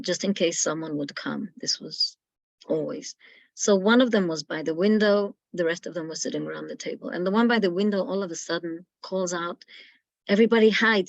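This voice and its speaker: Gravelly-voiced woman telling a family story. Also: no room sound, rough recording. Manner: acts out quoted voices, loud and high when quoting. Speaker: guest speaker. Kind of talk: storytelling talk.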